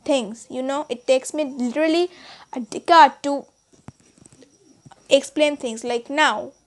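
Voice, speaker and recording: A woman whose first language is Bengali, chatting casually in a vlog with halting, hesitant speech full of restarts and fillers. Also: high voice. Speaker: channel host.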